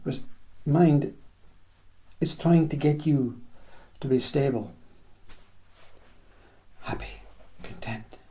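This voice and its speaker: A man giving a reflective spiritual talk in slow, list-like phrases, often acting out small imagined dialogues. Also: fairly high pitch, warm tone. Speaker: spiritual teacher.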